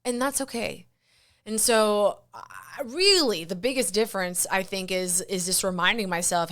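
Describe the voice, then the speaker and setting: A woman's voice: medium pitch, expressive, moderate pace, fairly bright tone. A young woman hosting a solo podcast, rambling candidly and casually, with the odd swear word. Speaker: podcast host.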